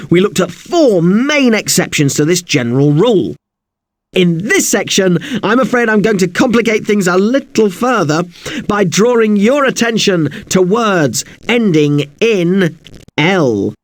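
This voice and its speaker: Lively high-voiced man teaching spelling. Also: measured pace, dry recording. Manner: polite and apologetic, spells words out letter by letter. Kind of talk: scripted spelling lesson.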